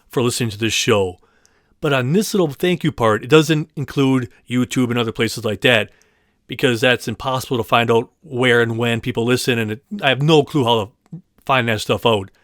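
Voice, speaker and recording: A podcast host speaks casually to the listeners of his movie podcast, thanking them in a slightly rambling monologue and stumbling over place names. His medium-pitched voice is fairly bright, captured with studio quality and no room sound.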